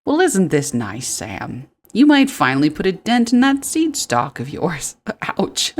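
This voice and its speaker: A woman voicing a friendly male town mayor in a farming game, speaking formally and warmly. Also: lowish voice, sing-song, a little slow. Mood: welcoming.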